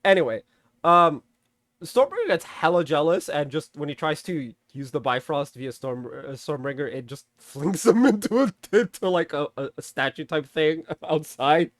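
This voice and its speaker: A man casually recapping and reviewing a movie, animated, swearing freely and laughing often. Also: on the high side, moderate pace, no echo. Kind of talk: casual spoken film recap.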